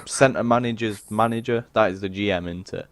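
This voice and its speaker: A man with a low voice co-hosts a casual podcast chat, rambling through grumbling workplace stories. The sound is dry and close to the mic. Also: normal speed, no room sound. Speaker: podcast co-host.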